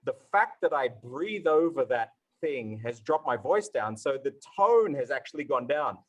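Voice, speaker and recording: A male Mandarin tone instructor answers questions in a live online event session, eagerly demonstrating tones by sounding out syllables. He speaks at normal speed in a mid-range, very animated voice, and the recording quality is low.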